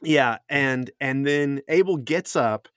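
A man running a tabletop game, describing scenes in an easygoing, unhurried way. his voice sits mid-range and is recorded close and dry. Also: medium pitch, clear, resonant tone, no echo. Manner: descriptive, easygoing, laughs often. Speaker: game master.

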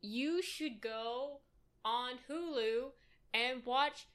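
Woman, bright voice, podcast co-host, dry, teasing, casual chat. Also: high-pitched. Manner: dry, teasing, quick to object.

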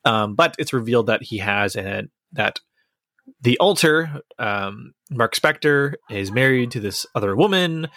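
A man's voice: medium pitch, expressive, a little slow, fairly bright tone, dry recording, clean studio sound. A man chatting casually as a podcast co-host, enthusiastic and rambling as he reviews a TV series. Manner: enthusiastic, rambling, restarts sentences.

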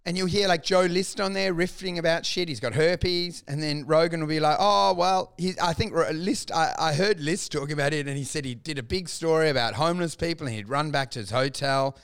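A young man with a noticeably high-pitched voice, trading jokes in a loose podcast chat. He riffs crudely and energetically, swears freely and jumps between bits. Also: a little fast, hardly any pauses, clear, resonant tone. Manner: animated, profane, rambling riffs with impressions. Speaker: comedian co-host.

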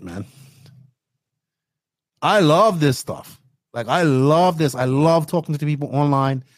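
A young man from Bermuda telling stories as a podcast guest, excitable and animated as he acts out his own reactions. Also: medium pitch, dry recording, clean studio sound. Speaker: podcast guest, race commentator. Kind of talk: casual interview storytelling.

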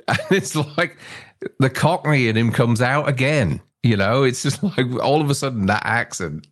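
A man co-hosting a casual chat show, laughing often and bantering. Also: lowish voice. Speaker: co-host.

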